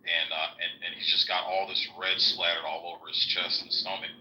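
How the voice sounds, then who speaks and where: Deep-voiced, profane man telling stories. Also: level tone, fairly quick, sharp tone, low-quality recording. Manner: profane, loose, says "bro" a lot. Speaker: Iraq veteran, guest. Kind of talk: casual storytelling.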